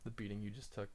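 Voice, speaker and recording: A man's voice: medium pitch, a little mellow, husky. Easygoing man running a tabletop game. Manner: casual, filler-heavy, laughs often. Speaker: game master.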